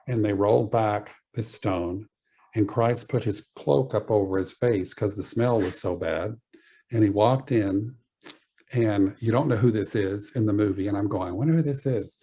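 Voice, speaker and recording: A man telling a personal spiritual story as a podcast guest, earnest and halting, with many pauses and fillers. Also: fairly low pitch, warm tone, slightly rough.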